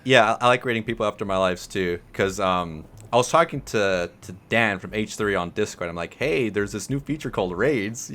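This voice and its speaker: Fast-talking male podcast host. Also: lowish voice, a bit bright. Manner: quick, hesitant, filler-heavy. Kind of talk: casual podcast chat.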